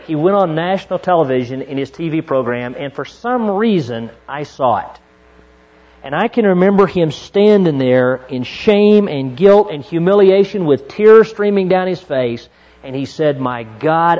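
Fervent preacher, a higher-pitched middle-aged man. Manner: preaching that swings from hushed storytelling to fervent exhortation. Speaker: pastor. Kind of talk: sermon. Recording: dull lo-fi recording.

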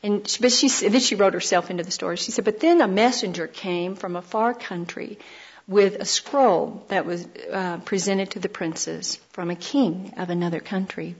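A woman's voice: mid-range voice, moderate pace, breathy edge, dull audio. A woman giving a sermon on biblical communication, telling anecdotes with dry humor and acting out the quotes. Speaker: Christian speaker. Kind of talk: storytelling sermon.

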